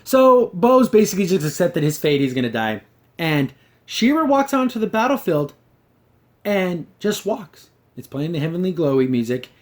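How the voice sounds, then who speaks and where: A young man hosting a casual review of a cartoon episode, sarcastic and mocking scenes with quick put-on voices. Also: a little high, big pitch swings.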